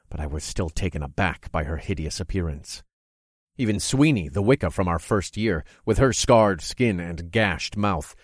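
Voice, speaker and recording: A man with a very low voice reads a dark first-person story aloud. His delivery is measured and dramatic. The sound is dry and close, with no room echo. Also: slightly rough.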